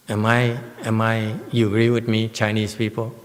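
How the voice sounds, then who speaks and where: At a normal speed with few pauses, a Buddhist master speaks in a mid-range, fairly bright voice during a Dharma talk on a sutra. He teases and tests his audience with emphatic questions in an echoing temple lecture hall.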